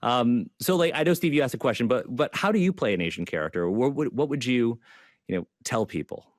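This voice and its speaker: A man's voice: mid-range voice, animated, a little fast, dry recording, studio quality. A man speaking earnestly as a panelist in an online panel discussion, repeating his key points with frequent fillers. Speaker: panelist and zine creator.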